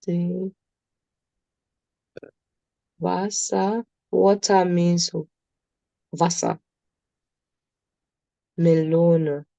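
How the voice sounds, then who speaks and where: A woman's voice: fairly low pitch, steady tone, drawn-out words, gravelly, long pauses, mellow, dry recording, rough recording. A woman with a Nigerian accent teaching a beginner German class, patiently repeating words for her students. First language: Nigerian English speaker.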